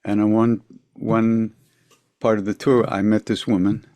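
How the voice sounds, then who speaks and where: An older man, telling a story as a podcast guest, reflective, with quiet asides trailing off. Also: fairly low pitch, level tone, a little slow, no room sound. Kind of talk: storytelling in a conversation.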